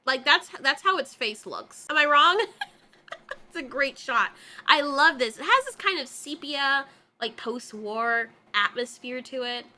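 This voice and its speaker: Animated high-voiced woman reacting to a film. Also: a little slow. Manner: animated, laughs often, slips into voiced asides. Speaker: movie reaction commentator. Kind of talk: casual film reaction commentary.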